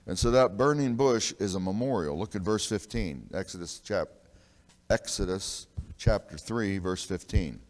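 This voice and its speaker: A man pastor preaching a sermon in a church, emphatic, swinging between loud and hushed and calling out to the congregation for an amen. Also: low-pitched, animated, moderate pace. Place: church sanctuary. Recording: long reverb of a church hall.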